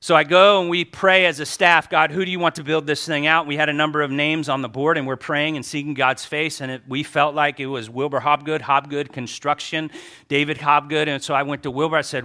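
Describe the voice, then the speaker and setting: A middle-aged man preaching to his church, a pastor telling stories in an animated way and quoting people in his own voice. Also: a little high, fairly quick. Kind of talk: sermon.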